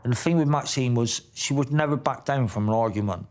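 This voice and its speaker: A man's voice: mid-range voice, fairly quick, darkish tone. A man recounting past events in a blunt, informal way, swearing often. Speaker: interviewee.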